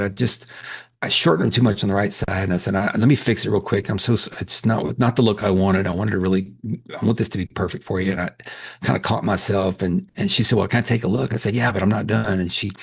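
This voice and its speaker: A man's voice: on the low side, vocal fry, breathy edge. A male dentist giving a webinar lecture, telling candid patient stories in a conversational way with frequent restarts.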